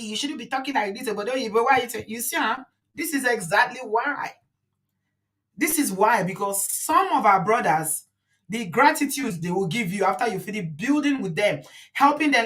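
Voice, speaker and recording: A Nigerian woman in her forties is hosting her own commentary show. She speaks in a middle pitch and talks outspokenly and emphatically, and she slips into Pidgin as she goes. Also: fairly bright tone. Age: 40s. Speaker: commentary host. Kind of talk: opinionated commentary.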